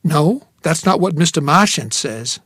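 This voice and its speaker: A man's voice: a little high, lively intonation, measured pace, fairly bright tone, breathy edge, no echo, studio quality, heavily acted. A man voicing a polite, eager teenage boy in an audiobook, his delivery friendly and easygoing.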